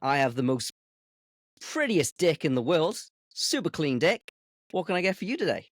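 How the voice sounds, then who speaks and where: A man putting on an Australian accent to play a cheery carvery server, talking in loud, upbeat sales patter. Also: fairly high pitch, very animated, moderate pace, dry recording, voice pushed up. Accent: put-on Australian.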